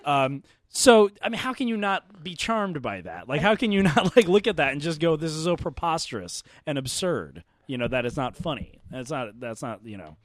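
Podcast co-host, man, a bit higher than most, tells stories animatedly. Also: moderate pace, hardly any pauses, dry recording. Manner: animated storyteller, acting out scenes. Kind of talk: casual chat.

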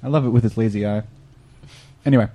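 A man co-hosting a casual movie commentary, tossing in jokey quick asides. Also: on the low side, mellow.

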